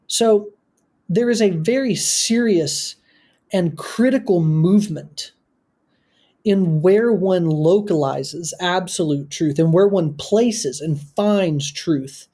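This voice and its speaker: A man appearing as a podcast guest, talking through a film in an articulate, analytical and measured way. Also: sits high, dark tone. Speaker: guest film critic and author.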